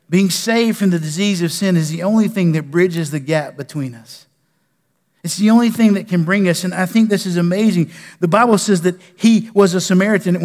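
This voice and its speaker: High-voiced pastor preaching in a hall. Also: male voice. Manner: animated, preaching with loud bursts and quiet drops. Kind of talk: sermon. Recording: long reverb of a large hall.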